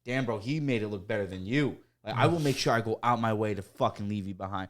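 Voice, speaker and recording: A man in a casual podcast chat, telling profane, animated stories full of acted-out quotes. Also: on the low side, fairly quick.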